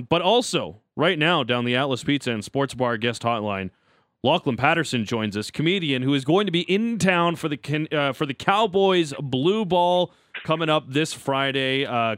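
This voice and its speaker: A man hosting a sports radio show, running through segment links and interviewing a guest with brisk, upbeat delivery. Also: mid-range voice, a bit bright, no room sound. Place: radio studio. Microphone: studio microphone.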